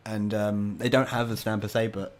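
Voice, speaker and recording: Halting young man running a tabletop game. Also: lowish voice, flat delivery. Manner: hesitant, many fillers and restarts. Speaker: game master.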